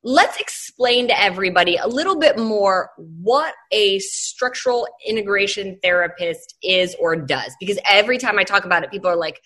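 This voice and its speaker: A woman's voice: medium pitch, animated, moderate pace, hardly any pauses, fairly bright tone, dry recording, clean studio sound. A woman hosting a podcast, telling a personal story in a chatty way and talking straight to her listeners. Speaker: podcast host. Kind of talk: casual podcast talk.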